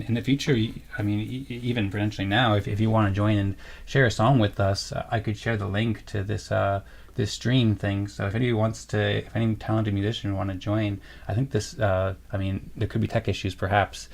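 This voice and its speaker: A young man co-hosts a casual livestream in a low, gravelly voice. His delivery is flat and meandering, full of fillers and restarts as he reads chat comments and rambles on. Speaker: co-host of a livestream.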